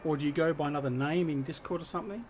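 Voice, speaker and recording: A man's voice: fairly high pitch, racing, darkish tone, a little hiss or hum. An Australian man chatting casually with viewers while hosting a gaming livestream, greeting people by name and joking about himself. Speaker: livestream host.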